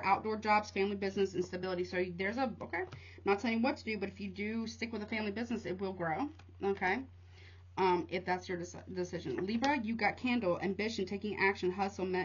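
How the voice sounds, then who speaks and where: A woman's voice: mid-range voice, husky, highs cut off. Chatty woman doing a tarot reading. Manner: chatty, rapid card-by-card rundown, calls listeners honey. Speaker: tarot reader.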